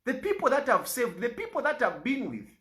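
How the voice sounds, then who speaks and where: A man's voice: very high-pitched, wildly swooping pitch, brisk, a bit bright. A man with a Zambian accent making an aggrieved, pleading public statement, repeating himself for emphasis. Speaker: politician.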